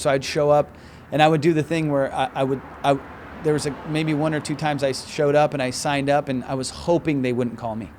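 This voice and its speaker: A man's voice: fairly high pitch, fairly even intonation, brisk, a little mellow, a little hiss or hum. A male stand-up comedian telling a rambling, profane story in casual chat on an outdoor balcony. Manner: rambling, profane, acts out quoted voices.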